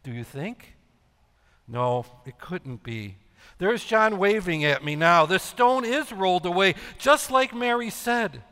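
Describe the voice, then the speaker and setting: A man playing Simon Peter, an anxious, guilt-ridden middle-aged apostle, in a dramatic monologue, talking in agitated, halting bursts of self-reproach. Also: high voice, bright, forceful tone, exaggerated voice. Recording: echoey hall with long reverb.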